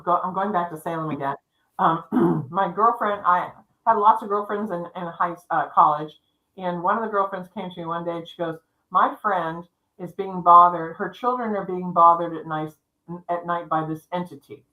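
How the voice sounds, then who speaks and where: A middle-aged woman tells her tale in a bright, forceful voice that sits a little low. She rambles and restarts, acting out what each person said. She talks casually into a livestream microphone. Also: moderate pace, low-quality recording. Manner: rambling, with restarts and quoted dialogue. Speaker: psychic storyteller co-hosting a livestream. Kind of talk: casual spoken storytelling.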